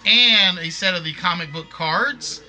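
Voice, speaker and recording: A man hosting a live game show stream from home. His voice sits a bit high and sounds very bright. He talks in a loose, rambling way and keeps correcting himself. Soft music plays in the background. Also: a little slow. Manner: rambling, self-correcting, apologetic. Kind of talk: casual live stream chat.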